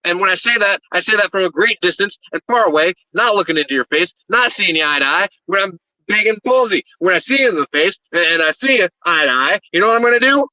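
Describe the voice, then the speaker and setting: A man's voice: high voice, expressive, fairly quick, pushed and bright, dry recording, rough recording. A man, a pro wrestler, cutting a brash, profane promo and rambling and stammering through interview answers.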